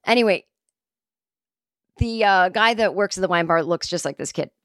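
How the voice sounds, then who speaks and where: A woman's voice: on the low side, normal speed, dry recording, clean studio sound. A woman in her forties telling a casual, rambling anecdote. She mocks herself and swears freely. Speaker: comedic storyteller.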